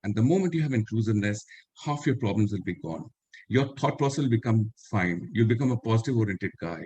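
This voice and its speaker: A retired army general, an older man with an Indian English accent, gives an earnest storytelling talk as a webinar speaker over a video call. He quotes others in direct speech and repeats the lines he wants to stress. His voice is fairly low, a little mellow, and slightly rough.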